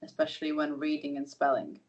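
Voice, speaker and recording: A woman's voice: low voice, monotone, a little fast, muffled recording. A woman from Serbia whose first language is Serbian, co-hosting a podcast in a casual chat. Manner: brief agreeing interjections, easy laughter. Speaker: podcast co-host.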